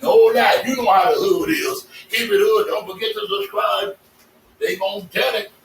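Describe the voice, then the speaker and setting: A man telling casual stories to his vlog audience, animated and laughing, cursing freely as he talks. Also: high voice, normal speed, creaky. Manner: animated, swearing, laughing storyteller. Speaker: vlogger. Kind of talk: casual storytelling monologue. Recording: echoey, distant mic with faint noise.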